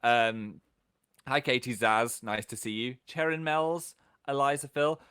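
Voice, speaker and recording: A man's voice: mid-range voice, fairly even intonation, measured pace, a bit bright, clear, resonant tone. A man hosting a casual livestream, chatting playfully and reading out viewers' comments with a jokey, self-mocking manner. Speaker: livestream host.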